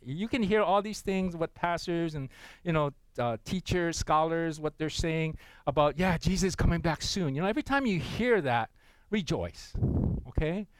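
A man's voice: on the high side, animated, moderate pace, smooth, poor audio. A man preaching a sermon in a conversational way. He often checks in with the congregation and laughs at his own stories. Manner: tells a joke with acted voices. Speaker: pastor.

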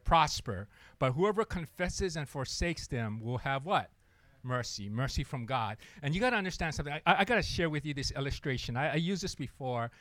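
A young man preaching a sermon, telling a story in an animated way and acting out the people in it. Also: a little high, a little fast, no room sound. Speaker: pastor.

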